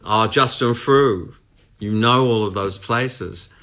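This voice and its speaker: A man hosting a live stream, reading a story aloud in a measured, expressive way. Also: lowish voice, over music.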